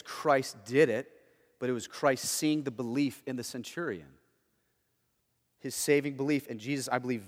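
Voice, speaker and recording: A male pastor preaching a sermon, moving between hushed and emphatic delivery. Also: mid-range voice, long reverb tail.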